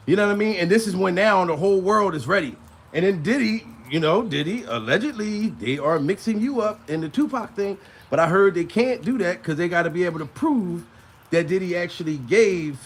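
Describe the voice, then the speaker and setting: A man doing casual comedic commentary, crude and rambling, laughing between lines and out of breath. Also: high voice.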